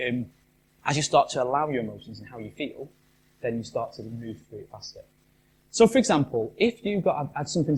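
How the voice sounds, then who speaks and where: A man's voice: medium pitch, darkish tone, a little hiss or hum. A man giving a chatty live talk to an audience as a motivational speaker, often asking the room questions. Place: live event venue.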